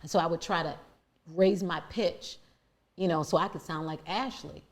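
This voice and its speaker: A woman with a deep, low-set voice tells her story as a podcast guest. She talks earnestly and reflectively, often restarting mid-thought as she searches for words. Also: normal speed.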